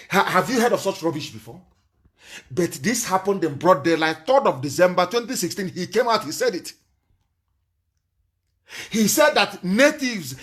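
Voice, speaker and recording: A man with a Nigerian accent giving an impassioned live broadcast speech, angry and accusing, with sudden loud outbursts. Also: sits high.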